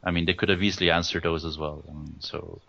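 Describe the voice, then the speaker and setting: Man, very low voice, monotone, hesitant with fillers, dull lo-fi recording. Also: fast, vocal fry. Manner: hesitant, many restarts and fillers. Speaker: guest, tournament rules writer. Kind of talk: casual interview over a call. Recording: dull lo-fi audio.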